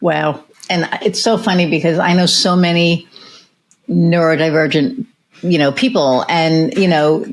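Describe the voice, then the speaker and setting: Brief: lower-pitched woman, podcast host, loose storytelling chat with fillers. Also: steady tone, a little slow. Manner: rambling, storytelling with many fillers and restarts. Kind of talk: casual interview chat.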